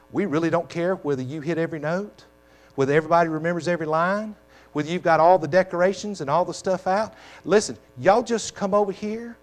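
Man pastor giving a sermon in church, kinda higher voice, hammers the same lines again and again. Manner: emphatic, repetitive exhortation. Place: church sanctuary.

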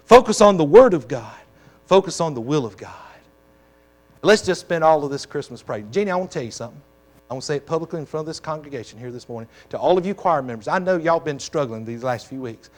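A man's voice: a little high, expressive, fast. A man preaching as pastor to his congregation, talking in emphatic, repetitive exhortations. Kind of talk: sermon. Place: church sanctuary.

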